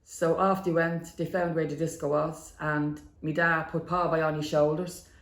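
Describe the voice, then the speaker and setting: Middle-aged Dublin woman, gravelly, lively storyteller, echoey room. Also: deep voice, normal speed. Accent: Dublin Irish. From inner city Dublin. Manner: lively storyteller, acts out quotes. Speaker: guest. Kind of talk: storytelling in a podcast interview. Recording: roomy room echo.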